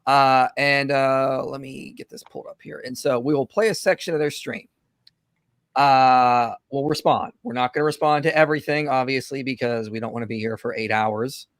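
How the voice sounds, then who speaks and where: An animated male host runs a livestream commentary and rushes ahead in quick bursts, with plenty of fillers along the way. His voice sits at a middling pitch. The sound is close and dry. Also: no echo.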